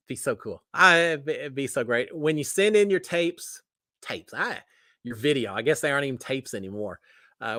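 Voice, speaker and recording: A man's voice: mid-range voice, a bit bright, dry recording. A middle-aged man from the United States hosting a live stream, chatting casually and rambling with many fillers and restarts as he answers viewer comments.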